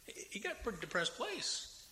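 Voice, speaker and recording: A male pastor with a Southern American accent preaches in a bright, fairly high voice that swings widely in pitch. He acts out biblical figures' complaints with sudden loud bursts. The sound carries a long church-hall echo over faint room noise. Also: huge pitch swings, brisk. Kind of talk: sermon. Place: church sanctuary.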